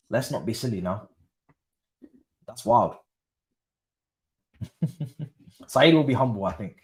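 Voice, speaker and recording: Young bloke streaming a footy watchalong, hyped, slangy, talking to chat. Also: male voice, medium pitch. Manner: excitable, slangy, chatting with live chat. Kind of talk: live football watchalong commentary.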